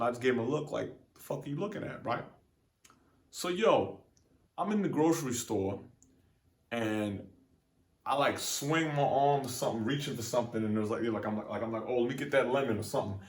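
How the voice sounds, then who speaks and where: A man's voice: mid-range voice, brisk. A young man hosting his own show, telling a story in casual, profane slang and acting out both sides of the exchange. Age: young adult. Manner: profane, slangy, animated retelling with quoted exchanges. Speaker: podcast host. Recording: echoey room.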